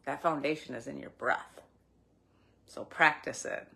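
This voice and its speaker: A middle-aged woman giving a gentle, reflective spiritual talk with soft laughs now and then. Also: a bass voice, measured pace, creaky. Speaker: spiritual teacher. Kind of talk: spiritual talk, live stream.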